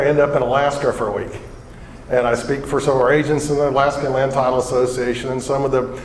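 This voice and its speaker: A man from southwestern Colorado giving a humorous conference keynote, an energetic storyteller who quizzes the crowd. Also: mid-range voice, a little hiss or hum. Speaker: keynote economic speaker. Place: large conference hall. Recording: echoey conference hall.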